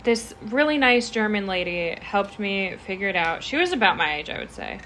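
A woman's voice: mid-range voice, very animated, moderate pace, bright, forceful tone, a little hiss or hum. A young woman telling a rambling story in casual chat, with lots of fillers and restarts.

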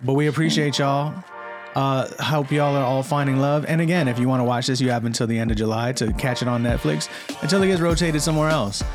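A man's voice: medium pitch, fast talker, music in the background. A young man co-hosting a casual movie podcast, rambling with lots of fillers and restarts. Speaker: podcast co-host. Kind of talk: casual movie-review chat.

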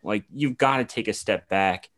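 A man's voice: on the low side, moderate pace, a bit bright. A man co-hosting a casual sports podcast, talking loosely, swearing freely and laughing often. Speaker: podcast co-host.

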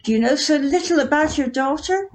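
A woman's voice: high voice, animated, measured pace, poor audio. A woman reading a story, voicing a defiant teenage girl with a cutting, sarcastic edge. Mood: furious.

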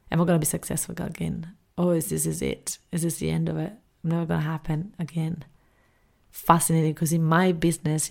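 Low, gravelly-voiced woman business coach. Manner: animated, acts out her own reactions in quotes. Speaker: business coach and podcast host. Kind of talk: casual monologue.

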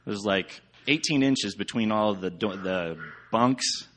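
A man with a fairly low voice gives a relaxed, rambling church talk. He speaks loosely and conversationally, full of fillers and restarts. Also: unhurried, slight background noise. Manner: chatty, rambling, with many fillers. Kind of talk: casual sermon with slides.

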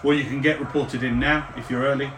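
A man narrating as game master, describing the scene at length with frequent fillers and pauses. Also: medium pitch, steady tone, noisy background. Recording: roomy, distant mic.

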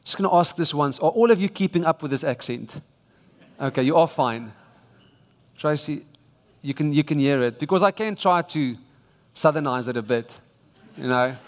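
A man's voice: a little high, animated, moderate pace, long pauses. A man with a South African English accent preaching a sermon with emphatic, exhorting delivery and frequent restarts. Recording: long reverb of a large church hall.

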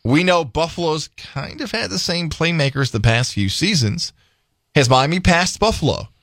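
A man's voice: a little high, lively intonation, normal speed, a bit bright, no echo, clean studio sound. A man co-hosting a sports radio show, playful and jokey, breaking down upcoming games in casual chat. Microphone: studio microphone.

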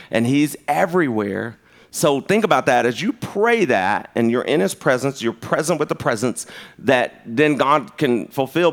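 A man delivers a conversational sermon, telling stories with animation as his pitch leaps sharply, and there's some vocal fry too.

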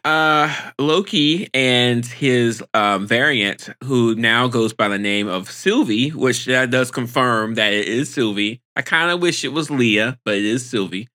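A man talking casually as a podcast co-host, his bright, forceful voice leaping high whenever something excites him. He speaks with lively swings in pitch. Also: measured pace, few pauses. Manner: animated, pitch jumps when excited. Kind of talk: casual chat.

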